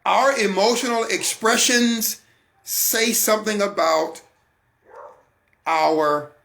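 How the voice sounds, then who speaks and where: A man's voice: high voice, slow pace, creaky, a bit bright. An American man hosting a Christian broadcast, giving an emphatic, repetitive sermon-like talk straight to his listeners. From United States.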